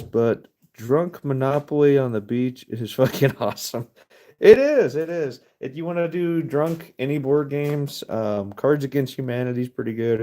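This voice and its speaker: Rambling, laid-back man with a mellow voice. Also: medium pitch. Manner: rambling, swears often, laughs easily. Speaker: livestream host. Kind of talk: casual live stream chat. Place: workshop, stamping metal by hand.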